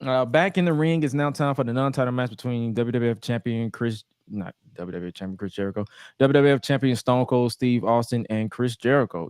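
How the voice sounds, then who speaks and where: A young adult man hosting a casual podcast, telling stories with animated delivery and frequent laughs. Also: mid-range voice, brisk, smooth, no room sound. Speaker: podcast host. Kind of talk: casual chat recapping wrestling.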